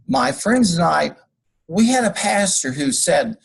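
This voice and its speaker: A man's voice: sits high, expressive, unhurried, vocal fry, slightly rough, poor audio. A man teaching a class over a screencast, walking through code and drifting into folksy personal stories. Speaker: college instructor. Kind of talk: screencast lecture.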